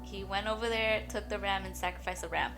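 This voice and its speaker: A woman's voice: medium pitch, steady tone, fairly quick, music in the background. A young woman sharing an emotional faith testimony in a rambling, chatty way, shaky and near tears at times. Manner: tearful, breaks into shaky laughs and crying; rambling, full of "like" and "you guys". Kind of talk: emotional personal testimony vlog.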